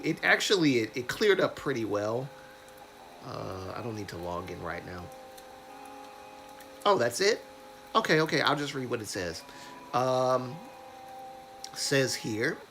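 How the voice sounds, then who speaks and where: A young man with a cold, sniffling and congested, hosting a casual livestream and slowly reading news aloud with frequent restarts and self-corrections. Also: lowish voice, lively intonation, over music. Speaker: livestream host.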